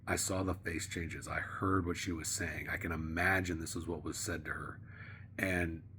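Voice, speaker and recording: A man vlogging in a casual, rambling monologue, profane and slangy, sometimes dropping to a hush. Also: low voice, little pitch movement, normal speed, a little hiss or hum.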